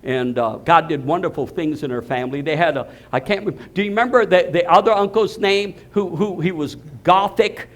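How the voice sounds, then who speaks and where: An older pastor tells a church story in a high voice, jumping from quiet murmurs to loud, excited exclaims. His delivery is loose and conversational, full of restarts. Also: fairly quick, few pauses. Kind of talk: storytelling sermon.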